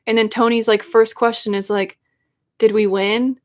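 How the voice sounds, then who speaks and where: A woman's voice: fairly high pitch, little pitch movement, moderate pace. A young adult woman who is a YouTuber, chatting casually and emotionally on a live stream in a rambling way. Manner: emotional, rambling fan talk.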